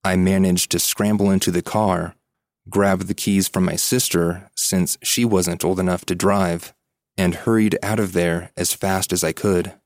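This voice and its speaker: A man with a deep, low voice reads a spooky first-person ghost story with measured, suspenseful pacing. The sound is close and dry, with no room around it. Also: level tone, a little mellow, dry recording. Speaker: podcast host reading listener stories. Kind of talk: scripted horror story narration.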